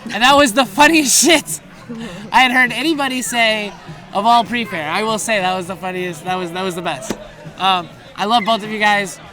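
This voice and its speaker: A man's voice: sits high, fairly quick. A man giving a rambling, anecdotal wedding toast outdoors, laughing as he tells a story and mimicking voices in the quotes.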